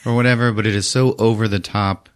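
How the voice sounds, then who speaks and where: A man's voice: fairly low pitch, steady tone, fast, clean tone. A man hosting a podcast, casually retelling a movie plot with profanity and jumping into silly voices for the characters. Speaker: podcast host. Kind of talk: casual movie recap with acted-out lines.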